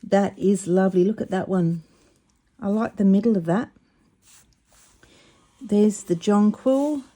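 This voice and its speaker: A mellow-voiced woman talks through a craft project at her table. She is chatty and excitable, often tripping over her words. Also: medium pitch, measured pace. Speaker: craft vlogger. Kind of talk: casual craft demonstration.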